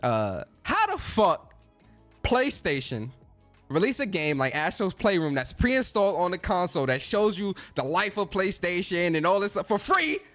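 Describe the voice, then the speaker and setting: A man's voice: sits high, sing-song, moderate pace, a bit bright, soft background music. A man hosting a gaming stream in a casual, profane rant, repeating phrases for emphasis.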